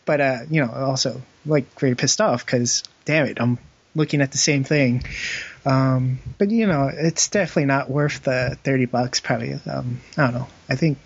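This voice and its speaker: A man's voice: medium pitch, steady tone, moderate pace, vocal fry, husky. A young man co-hosting a casual gaming podcast, rambling with lots of fillers and frequent laughs. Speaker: podcast co-host. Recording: dull, dry lo-fi podcast audio.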